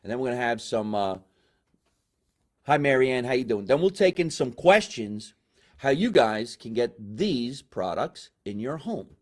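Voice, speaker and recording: A man hosting a live comedy show from a basement, a loud, hammy showman who swings between big excitement and asides. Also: medium pitch, a little slow. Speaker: podcast host.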